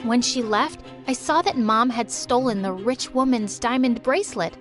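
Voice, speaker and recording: A young adult woman narrating a dramatic first-person storytime, lively and expressive. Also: on the high side, moderate pace, soft background music.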